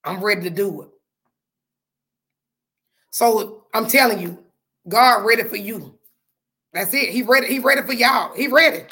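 Woman, podcast host, husky, hoarse, fervent preaching cadence, repetitive. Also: medium pitch, a little slow, long pauses, bright, forceful tone. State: voice going hoarse. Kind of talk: spirited faith talk to listeners.

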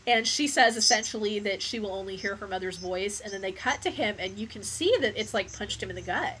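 Bright-voiced woman recounting film scenes. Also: mid-range voice, fairly quick, a little hiss or hum. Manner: rambling, recounting scenes, swearing. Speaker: podcast co-host. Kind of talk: casual chat.

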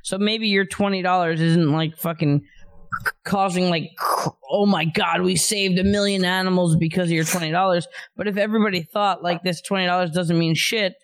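Young man with a notably high voice; playful, teasing guest in casual stream chat. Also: steady tone, moderate pace, fairly bright tone, smooth. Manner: teasing, laughs easily.

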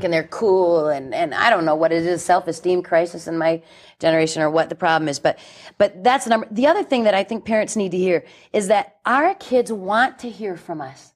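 Woman in her 40s, interview guest, forceful and blunt, preachy edge. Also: mid-range voice. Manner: emphatic, blunt, animated preaching tone. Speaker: chastity speaker, guest. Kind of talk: radio interview.

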